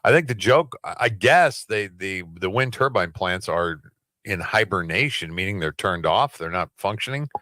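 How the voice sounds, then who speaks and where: A man with a low, forceful voice talks politics in a loose, emphatic way, leaning hard on rhetorical questions. His voice sits close and dry, with no room sound. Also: lively intonation, normal speed, dry recording. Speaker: radio host. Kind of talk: casual political chat.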